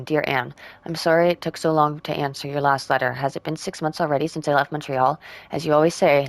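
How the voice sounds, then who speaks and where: A woman playing a puzzle game, reading in-game letters aloud and working out clues with quiet asides. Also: deep voice. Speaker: game streamer.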